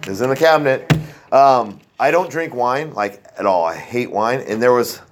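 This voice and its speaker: A man's voice: medium pitch, animated, moderate pace, background noise. A man shares his own recovery story in loose, casual testimony. He rambles with fillers and restarts, and he jokes at his own expense as he goes. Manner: rambling and self-deprecating, with many fillers and restarts. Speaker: speaker sharing a recovery story.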